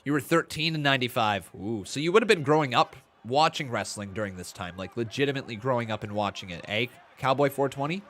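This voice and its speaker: A man's voice: mid-range voice, animated, fast talker, hardly any pauses, fairly bright tone. A man in his twenties chatting on a live stream, reading chat aloud and calling play-by-play, a little tired and yawning. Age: 20s. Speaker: watch-along streamer.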